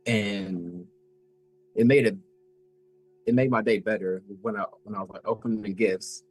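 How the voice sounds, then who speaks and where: An eighteen-year-old man chatting casually as a collector guest, halting and filling every pause with "like". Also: on the low side, steady tone, husky, no echo, low-quality recording. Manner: halting, fills with "like" a lot. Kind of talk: casual chat.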